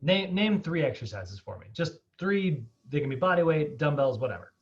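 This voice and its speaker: A man's voice: on the high side, lively intonation, moderate pace. A man teaching a fitness class over a video call, casual and chatty, asking students questions and laughing often. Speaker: fitness instructor. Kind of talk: online class lecture. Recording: dull lo-fi video call audio.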